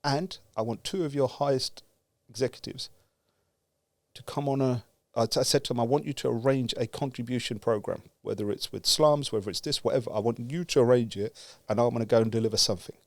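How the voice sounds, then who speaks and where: A man from the UK telling a story with lively energy, acting out the dialogue and laughing as he goes. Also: mid-range voice, a little fast, dry recording. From United Kingdom. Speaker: guest speaker. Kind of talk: animated storytelling.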